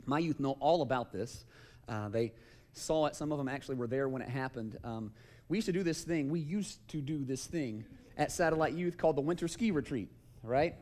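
A man's voice: medium pitch, a little fast, dark tone. A young man, a youth pastor telling a story in a casual sermon and often asking "right?". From Georgia, US. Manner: conversational, keeps asking "right?".

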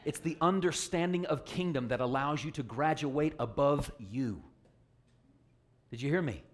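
A man's voice: a little high, normal speed. Emphatic preacher man calling for amens. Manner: call-and-response, joking, emphatic. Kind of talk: sermon.

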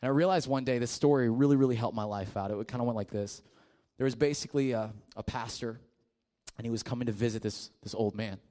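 A man preaching to a youth group in a casual, conversational way, sometimes dropping to a hushed voice for a story. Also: medium pitch, fast. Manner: casual and conversational, with fillers and restarts; drops to a quiet, hushed voice in the story. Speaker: youth pastor.

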